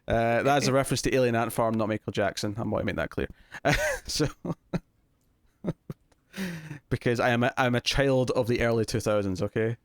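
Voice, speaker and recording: A man's voice: mid-range voice, brisk, long pauses, dry recording, clean studio sound. A young adult man with a Scottish accent, co-hosting a casual TV review chat, joking, teasing and laughing often. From Scotland. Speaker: co-host of a TV review show.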